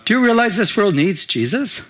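A man's voice: sits high, big pitch swings, fairly quick, a bit bright. An older man preaching a sermon as pastor, in a conversational way, calling for amens and often restarting his sentences. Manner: conversational, repeats and restarts, asks the room for amens.

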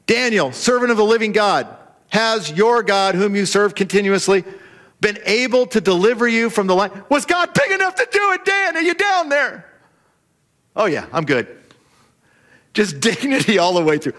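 A male pastor preaching a sermon with animated, humorous storytelling. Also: a little high.

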